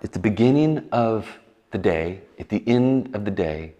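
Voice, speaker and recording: Low-voiced male preacher in a reverberant hall. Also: lo-fi sound. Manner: conversational, acts out quick voices, animated asides. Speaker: pastor. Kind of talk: casual sermon.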